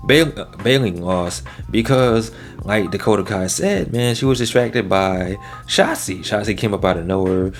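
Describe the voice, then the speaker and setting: A man's voice: fairly low pitch, animated, moderate pace, soft background music. A man hosting his own channel, giving a casual, slangy recap of a wrestling show. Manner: laid-back and slangy, often drops "man" and "yo".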